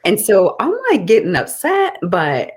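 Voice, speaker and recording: A middle-aged woman co-hosting a podcast, telling a story in a casual, animated way and often laughing. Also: mid-range voice, unhurried, slightly rough. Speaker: podcast co-host.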